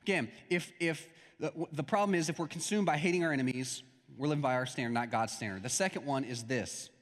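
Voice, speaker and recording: A man's voice: medium pitch, fast. A young adult man preaching a sermon as a pastor, in a conversational style with stories and acted-out quotes. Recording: long hall reverb.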